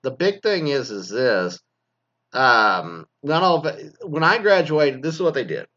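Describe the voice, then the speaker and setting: A man's voice: mid-range voice, measured pace, highs cut off. Foul-mouthed man ranting. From Mesquite, Texas. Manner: crude, swears constantly, animated storytelling. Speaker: former teacher. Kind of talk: profane casual rant.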